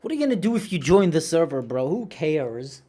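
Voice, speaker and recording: A man's voice: on the high side, sing-song, fairly quick, dark tone. Youthful-sounding man ranting while gaming. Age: late 20s. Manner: rambling, swearing, ranting. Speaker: streamer. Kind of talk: casual gameplay chat, reading viewer messages.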